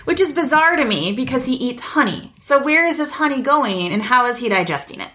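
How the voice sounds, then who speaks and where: A woman with a Midwestern American accent co-hosts a podcast, casually recapping a film. Her high-pitched, fairly bright voice is expressive and brisk, and she rambles with lots of "like" and dry sarcasm.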